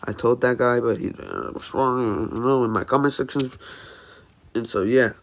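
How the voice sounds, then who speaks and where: A man improvising a fan-fiction story as narrator, halting often with fillers and restarts. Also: mid-range voice, creaky.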